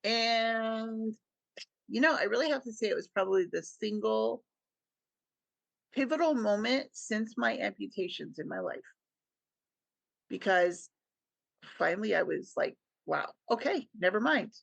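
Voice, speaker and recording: A woman's voice: fairly high pitch, unhurried, gravelly, pauses often, no echo. A middle-aged woman, a podcast guest, telling a personal story with earnest feeling and acting out what people said. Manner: earnest storytelling, acts out quoted dialogue.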